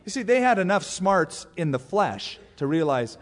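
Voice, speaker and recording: A man's voice: sits high, normal speed, big-room sound. A man pastor teaching a Bible sermon, telling the story with humor and acting out the quotes. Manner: animated storyteller who acts out quotes with humor.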